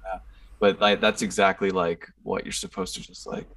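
A man's voice: deep voice, level tone, normal speed, creaky, fairly bright tone, distant mic. A laid-back man hosting a podcast and chatting casually, swearing now and then. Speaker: podcast host. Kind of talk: casual chat. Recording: dry, set back from the mic.

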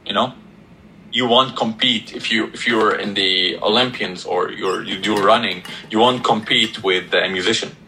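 A man in a reflective podcast conversation, explaining ideas slowly with pauses between words. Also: fairly low pitch, fairly even intonation, sharp tone, a little hiss or hum, rough recording. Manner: slow, deliberate, pausing between words, explaining step by step. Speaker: podcast guest or host.

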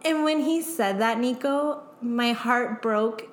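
Young woman guest, slightly high voice, raw and candid, roomy echo. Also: takes it slowly, slight background noise. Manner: emotional, frequent "like" fillers, swearing. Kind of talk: candid casual chat. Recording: echoey room.

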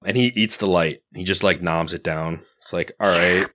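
A man with a very low voice co-hosts a podcast. He walks through a game's story in a relaxed, rambling way, with plenty of fillers. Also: moderate pace. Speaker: podcast co-host. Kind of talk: casual chat, recapping story.

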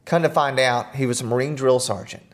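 A middle-aged man, a podcast guest, telling personal stories in an earnest, animated way with self-deprecating humor. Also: mid-range voice, a little fast. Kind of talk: storytelling in conversation.

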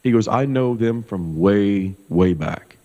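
Low-voiced pastor telling a story in a hall. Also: male voice, slow pace. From Kansas. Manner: animated, loose storyteller with many fillers. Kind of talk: casual storytelling testimony. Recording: dull sound with long hall reverb.

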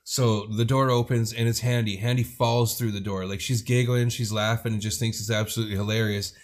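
A man's voice: fairly low pitch, brisk. A man co-hosting a podcast, telling a rowdy personal story in casual chat, swearing freely and acting out the people in it. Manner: profane, animated storyteller who acts out quoted people. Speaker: podcast co-host.

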